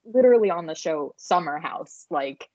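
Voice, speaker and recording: A woman's voice: lowish voice, expressive, normal speed, darkish tone, no echo, lo-fi sound. A young adult woman co-hosting a podcast, chatting casually about a reality show, often restarting her sentences and swearing casually. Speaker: podcast co-host. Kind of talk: casual recap chat.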